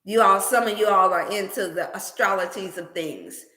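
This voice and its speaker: Bright-voiced woman preaching healthy eating, sermon style, echoey room. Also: mid-range voice, normal speed. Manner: preachy, animated, scripture-laced. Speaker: wellness channel host. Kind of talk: motivational livestream talk.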